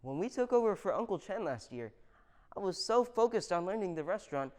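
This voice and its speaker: A woman's voice: medium pitch, big pitch swings, fairly quick, a little mellow, close to an everyday voice. A young student actress playing an earnest daughter of a Taiwanese immigrant family who runs a restaurant with her mother, talking defensively and urgently. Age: young adult. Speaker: student actor. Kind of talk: stage monologue.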